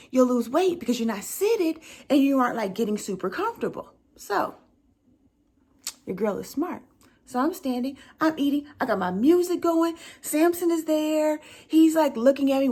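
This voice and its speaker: Young woman doing a funny storytime, high voice, super animated, always going "right?". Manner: animated, conversational, keeps asking the listener "right?". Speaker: vlogger telling a story. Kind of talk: comedic storytime.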